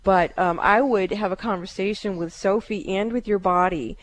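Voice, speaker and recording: A woman hosting a call-in psychic radio show, giving calm, halting readings with many fillers. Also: medium pitch, slight background noise.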